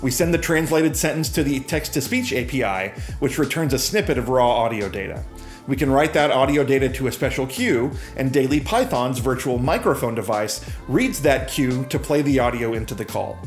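A man narrates a scripted tech explainer in a breezy, upbeat tone, his voice sitting at an ordinary middle pitch. Soft music plays faintly underneath. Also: animated, moderate pace. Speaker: presenter demoing software.

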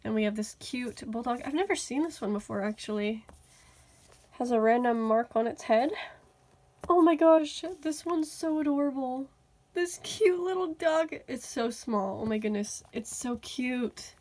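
A woman vlogger unboxing a toy haul, gushing and excitable, often exclaiming over how cute things are. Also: a little high, moderate pace. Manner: gushing, excitable, many "oh my goodness".

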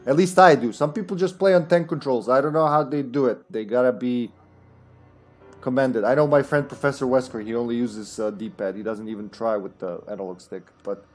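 A male streamer with as his chats loosely through a live game session, cracking jokes and laughing between lines. His pitch sits mid-range for a man, and faint music plays under his voice. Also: fairly quick, a little mellow. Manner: joking, laughs often, reads chat aloud. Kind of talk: casual live gameplay chat.

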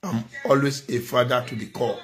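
Nigerian man, middle-aged, preachy scolding commentator, mid-pitched voice. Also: steady tone, moderate pace, fairly bright tone, soft background music. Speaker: social media commentator. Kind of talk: impassioned monologue.

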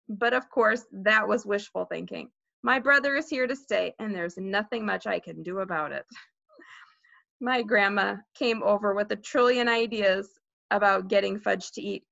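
A woman teacher reading a children's novel aloud with expressive storytelling, in a dull lo-fi recording. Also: fairly high pitch, gravelly, no echo. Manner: expressive storytelling, with light laughs.

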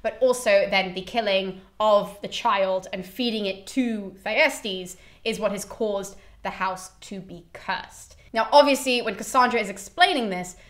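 A young woman hosting a casual, animated retelling of a story, slipping into quick character voices as she goes. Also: medium pitch. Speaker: host.

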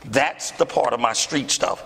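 Male pastor, preaching, bright sharp voice, lively theatrical storytelling, echoey church hall. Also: measured pace, gravelly, slight background noise. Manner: animated, acts out dialogue with big pitch swings. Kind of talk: storytelling sermon. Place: church hall before a congregation.

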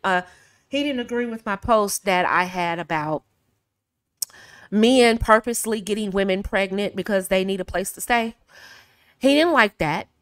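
A woman's voice: medium pitch, no room sound, clean studio sound. A woman from the American South with a Southern accent, giving casual advice in a chatty way, laughing often and acting out phrases. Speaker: video host.

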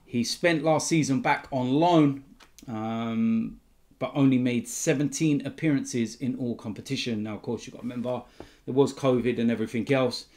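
A man's voice: mid-range voice, moderate pace, a little mellow. A man hosting his football fan channel, giving a casual news roundup in a chatty way with frequent ums.

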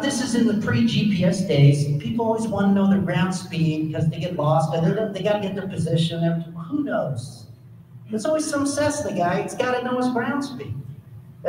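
A man who used to fly military jets tells a story live to an audience, with dramatic pauses and put-on radio voices. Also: high voice. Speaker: former military pilot telling a story. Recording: echoey hall, distant mic, audible noise.

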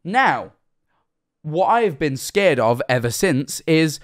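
A tipsy man in his twenties streaming live, rambling through a story, jumping from loud outbursts to hushed asides. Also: fairly high pitch, sing-song, takes it slowly. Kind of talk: casual live-stream chat.

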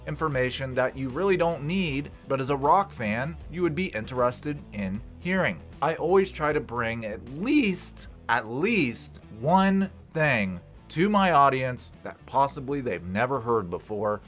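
Lively, jokey male rock vlog host. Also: mid-range voice, unhurried, faint music behind. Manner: jokey, irreverent, swears casually. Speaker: channel host. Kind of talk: casual rock-history vlog narration.

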